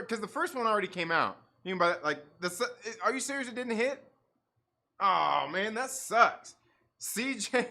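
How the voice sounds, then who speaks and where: High bright-voiced man rambling on a stream. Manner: rambling, profane, many likes and restarts; laughs often while talking. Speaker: livestream host. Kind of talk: casual livestream chat.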